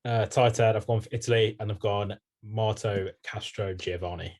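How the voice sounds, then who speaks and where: A young man co-hosting a podcast, dry and brisk, keeping the chat moving with short deadpan replies. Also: lowish voice. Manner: dry, brisk, moves things along. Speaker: podcast co-host. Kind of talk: casual banter.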